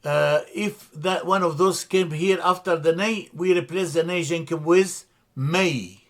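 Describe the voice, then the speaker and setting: In a church classroom, a man teaches a language lesson from slides, speaking slowly and deliberately. He repeats terms and corrects himself as he explains, in a slightly high, steady voice.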